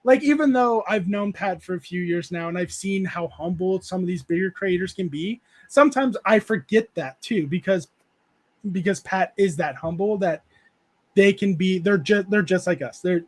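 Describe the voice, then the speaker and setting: A man with a fairly high voice hosts a relaxed livestream chat show. He reads out viewer comments and drifts into loose, rambling stories. He laughs often and fills his talk with "uh" and "like". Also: normal speed. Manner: rambling storyteller, laughs often, many fillers. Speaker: show host reading chat.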